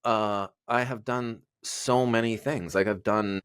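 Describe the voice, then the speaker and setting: A man with a lowish voice talks in a relaxed interview. He rambles earnestly, circling back with fillers and restarts. The sound is close and dry, with no room around it. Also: a little slow, clean tone, no echo. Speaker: guest. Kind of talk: casual interview chat.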